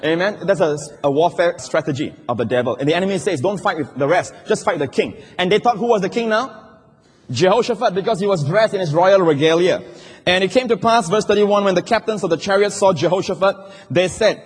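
Animated preacher in a reverberant hall. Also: male voice, fast talker, breathy edge. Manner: animated preaching that swings from loud cries to low asides. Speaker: pastor. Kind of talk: sermon.

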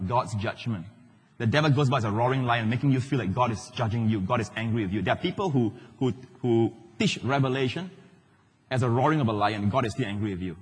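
Middle-aged male pastor, lively sermon, husky voice, long church-hall reverb. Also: medium pitch. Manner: animated preaching, swings between loud and hushed.

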